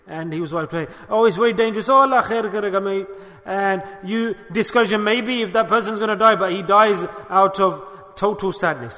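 This sermon comes from a man with a high, bright, forceful voice who talks a little fast and barely pauses. He narrates a story and presses his audience, dropping in religious vocabulary from Urdu and Arabic, all under a long hall reverb.

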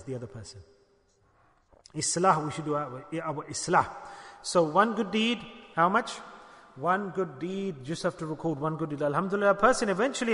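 A man preaching a sermon, animated, questioning his listeners and acting out dialogues. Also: high voice, long reverb tail.

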